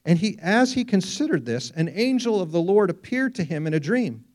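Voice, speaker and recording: A man preaching a sermon, telling stories with lively rhetorical questions. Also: sits high, moderate pace, few pauses. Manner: animated storytelling, rhetorical questions. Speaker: pastor.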